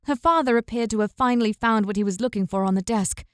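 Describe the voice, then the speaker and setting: A woman narrating a fantasy audiobook in a measured, even storytelling manner. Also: a little high, no echo. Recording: dry, close recording.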